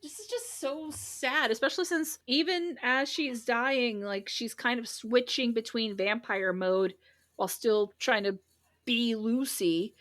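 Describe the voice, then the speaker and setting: A woman chats on a podcast, her voice sitting a little high. She talks in loose, emotional runs full of "like" and "you know.". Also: a little slow, fairly bright tone. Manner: chatty, emotional, lots of "like". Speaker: podcast co-host. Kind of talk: casual chat.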